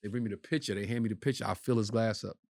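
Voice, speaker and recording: Animated New York man telling stories. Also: fairly low pitch, racing, vocal fry. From Brooklyn, New York. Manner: animated storyteller acting out voices. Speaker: podcast co-host, comedian. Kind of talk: casual chat, storytelling.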